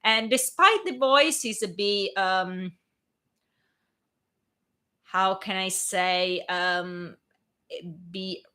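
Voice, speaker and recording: A woman's voice: medium pitch, drawn-out words, long pauses, bright, forceful tone. A young adult woman with an Italian accent, hosting a reading channel and chatting casually with listeners, often restarting her sentences. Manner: chatty, frequent restarts and filler words. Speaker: fanfiction reader and channel host. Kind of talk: casual chat before a live reading.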